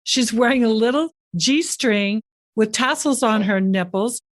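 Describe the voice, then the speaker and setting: A middle-aged woman hosting a podcast, telling real estate anecdotes in a lively, chatty way and laughing often. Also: on the high side, measured pace, dry recording, studio quality. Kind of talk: casual storytelling chat.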